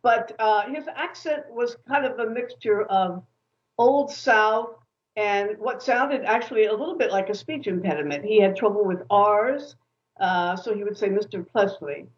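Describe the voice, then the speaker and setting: A woman author speaking as an interview guest, lively and opinionated as she tells her stories. The sound is a little dull and muffled, as if it came through a lo-fi link. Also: mid-range voice, moderate pace. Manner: animated, opinionated storyteller.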